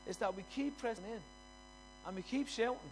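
High-voiced guy preaching in church, gets fired up, soft music and hum behind. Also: poor audio. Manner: impassioned, repetitive, quick to raise his voice. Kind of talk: sermon.

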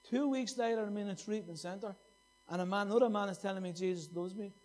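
A man's voice: sits high, fast talker, a little mellow. A middle-aged man preaching a sermon, impassioned and repeating phrases for emphasis.

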